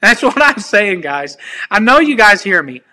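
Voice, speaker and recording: A man's voice: sits high, very animated, moderate pace, pushed and bright. A man preaching informally, sharing personal testimony in an earnest, pleading way and speaking straight to his listeners. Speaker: ministry speaker.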